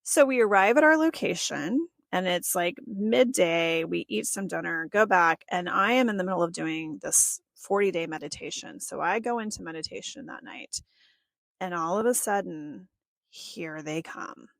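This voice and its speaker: A woman's voice: on the low side, moderate pace, vocal fry, a bit bright, dry recording. A woman hosting a podcast, telling a personal story in a chatty way, often laughing and acting out what people said. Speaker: podcast host.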